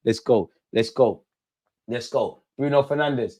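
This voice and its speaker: A young man doing a live football watch-along, shouting at players and the referee in slangy banter. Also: mid-range voice, unhurried, slight background noise.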